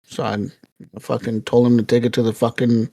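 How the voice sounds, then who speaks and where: A man's voice: medium pitch, monotone, fairly quick, mellow, no echo. Guy on a podcast telling a wild story, cussing and laughing, voices the people he quotes, dry sound. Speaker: podcast co-host. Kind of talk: casual storytelling chat.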